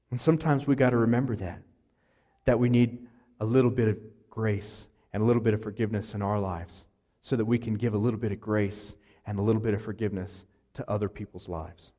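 A man's voice: lowish voice, fairly even intonation, moderate pace, warm tone. A man preaching a sermon, telling a personal story in an earnest, conversational way with fillers and restarts. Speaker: pastor.

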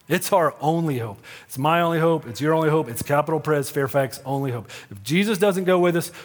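Earnest male pastor preaching in a reverberant church. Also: a little high. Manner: earnest, conversational preaching with frequent "right?" asides; drops to a soft, hushed voice for quoted promises. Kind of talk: sermon. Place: church sanctuary.

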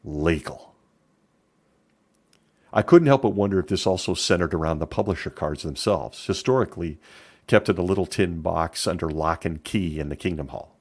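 Man, middle-aged, deep voice, sarcastic opinion commentary. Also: fairly quick. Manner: sarcastic, emphatic.

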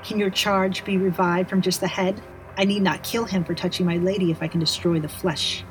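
A woman's voice: on the low side, fairly even intonation, brisk, faint music behind, lightly acted, low-quality recording. A woman voicing a proud, threatening male vampire lord who speaks with cold command.

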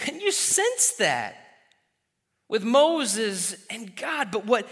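A man's voice: extremely high pitch, big pitch swings, slow pace, long pauses, a bit bright. A man in his thirties preaching a sermon, exhorting his listeners and acting out the voices in the stories he tells. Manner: exhorting, call-and-response, acts out quoted voices. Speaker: pastor. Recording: reverberant hall.

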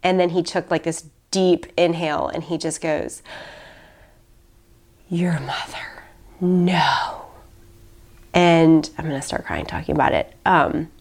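A woman's voice: deep voice, lively intonation, moderate pace, gravelly, few pauses, darkish tone. A young adult woman talking casually and emotionally in a podcast conversation, full of "like" and restarts. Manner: heartfelt, many likes and restarts.

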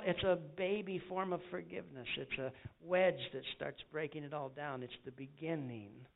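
A man's voice: on the high side, moderate pace, creaky. A man preaching a sermon as an evangelist, telling stories in an earnest way and acting out the voices of the people he quotes. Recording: tinny phone-like sound.

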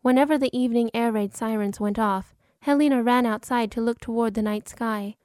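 A woman giving measured, dramatic audiobook narration. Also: on the high side, steady tone, a little mellow, no echo, clean studio sound. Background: orchestral film score.

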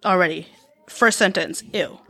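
Blunt, animated young woman podcast host. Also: fairly low pitch, normal speed, gravelly. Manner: blunt, swears freely, animated reactions. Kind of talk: casual chat, reading listener confessions.

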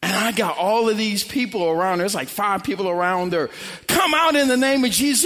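A man's voice: high-pitched, a bit bright, long reverb tail. A man preaching a sermon, telling a story with acted-out quotes and building to emphatic, repeated lines.

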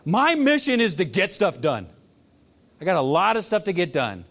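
Lively, animated male preacher. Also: high voice, moderate pace. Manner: animated preaching, dropping to quiet emphasis. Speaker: pastor. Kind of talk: sermon.

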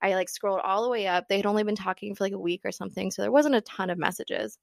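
A woman's voice: medium pitch, quick pace, creaky, dry recording, studio quality. Candid swearing young woman storyteller. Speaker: podcast co-host. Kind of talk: casual chat.

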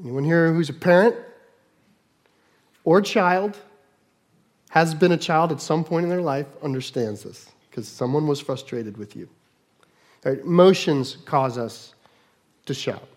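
A middle-aged man preaching a sermon, moving between loud mock shouts and quiet asides. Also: on the high side, measured pace, pauses often. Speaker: pastor.

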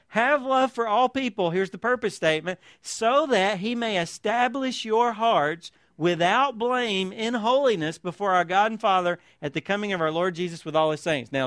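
A man's voice: sits high, fairly bright tone, no echo, clean studio sound. A man preaching a sermon as pastor, reading scripture aloud with emphasis and pressing points with rhetorical tag questions.

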